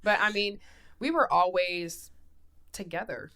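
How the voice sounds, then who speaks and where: A woman's voice: on the low side, a little slow, crowd noise. A woman in her thirties, a guest chatting casually and laughing often, telling stories with plenty of swearing. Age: 30s. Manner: laughing, animated, swearing freely. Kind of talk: casual chat.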